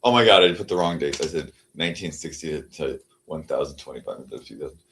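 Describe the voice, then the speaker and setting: A man's voice: extremely low pitch, fast, heavy background noise. A man chatting casually on a livestream, meandering and full of fillers, now and then cooing at his cat. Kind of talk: casual rambling livestream chat.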